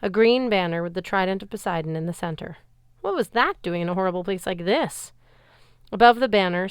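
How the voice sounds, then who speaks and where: Smooth-voiced woman reading a novel aloud. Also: on the low side, a little fast, no echo. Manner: expressive first-person storytelling. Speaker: reader.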